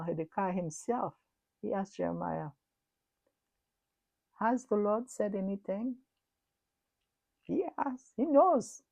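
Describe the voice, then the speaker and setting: A middle-aged woman delivering a prophetic sermon. She speaks earnestly and repeats herself, swinging between loud and hushed. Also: mid-range voice, vocal fry, dry recording. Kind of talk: prophetic sermon recounting a dream.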